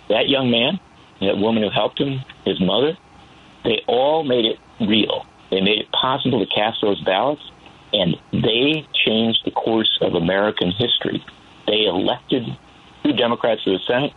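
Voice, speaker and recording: Earnest male phone-in commentator, husky low voice, thin phone sound. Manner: earnest, building passion. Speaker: political commentator. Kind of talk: call-in radio commentary. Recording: tinny phone line.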